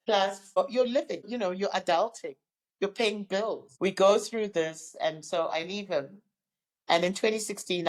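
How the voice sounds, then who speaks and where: A woman's voice: fairly low pitch, low-quality recording. A woman in her fifties from Zimbabwe, a guest recounting her life story in an interview and acting out the people she quotes. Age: 50s.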